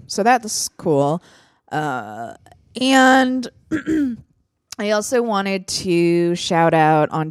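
A woman with a lowish voice hosts a podcast, chatting frankly and loosely. She fills her talk with ums and likes and swears casually. The sound is dry and close, with no room around it. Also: smooth, no echo. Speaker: podcast host. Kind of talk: casual chat.

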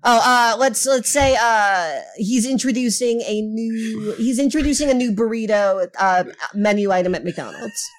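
A woman co-hosting a comedy podcast, chatting casually with quick, teasing, swearing banter. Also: fairly high pitch. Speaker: podcast co-host.

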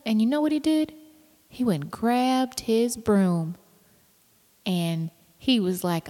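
Tired, chatty mom with room reverb. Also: female voice, on the high side, slow, mellow. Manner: chatty, rambling, laughs often, drops to whispers. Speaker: mother vlogging. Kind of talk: casual chat to camera.

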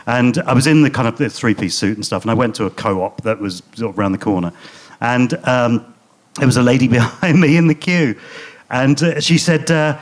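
A man's voice: mid-range voice, fairly quick. A man, a guest on a live comedy podcast, telling anecdotes with dry humour on a theatre stage. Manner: animated storyteller, dry humour. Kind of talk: anecdotal chat.

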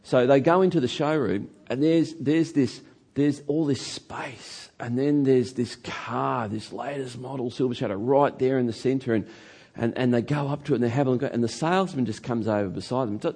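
A male pastor preaching a sermon in a church hall, telling a story with animated delivery and drawn-out key words. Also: medium pitch, slightly rough.

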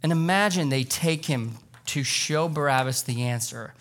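A man preaches to his congregation in a church sanctuary. His delivery is conversational and earnest, and it rises in places to loud, emotional peaks. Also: medium pitch, moderate pace. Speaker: pastor. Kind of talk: sermon.

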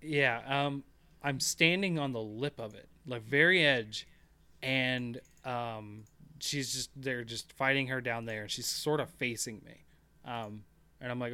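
A man's voice: medium pitch, unhurried, sharp tone, clean tone, no echo. A man chatting casually on a gaming podcast, rambling through stories with lots of fillers and restarts. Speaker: podcast co-host.

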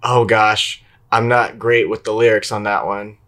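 A man's voice: fairly low pitch, flat delivery, a little slow, a bit bright. A man co-hosting a casual podcast, playing a lyric guessing game, playful and laughing often. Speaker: podcast co-host.

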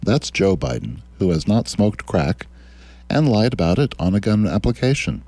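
A man's voice: fairly low pitch, very animated, moderate pace, gravelly, warm tone, no room sound. A man hosting a radio talk show, reading quotes aloud and answering them with sardonic, mocking political commentary. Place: radio studio.

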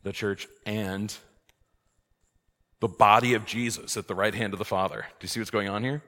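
A man, a priest, teaching a conversational church class, lively and full of rhetorical questions. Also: on the low side, moderate pace. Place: church hall. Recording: long hall reverb.

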